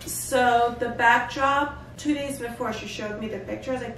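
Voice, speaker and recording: Animated woman with a gravelly voice. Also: fairly high pitch, normal speed. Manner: chatty, animated storytelling with asides and laughter. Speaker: vlogger and fashion designer. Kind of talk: casual storytelling to camera. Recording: echoey room, distant mic, background noise.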